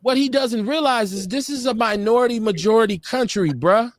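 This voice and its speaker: On a live-stream talk show, a male co-host chats casually in a blunt, profane way, laughing as he goes. His very high-pitched voice is fairly quick, with no echo and studio-quality sound, captured over a streaming call.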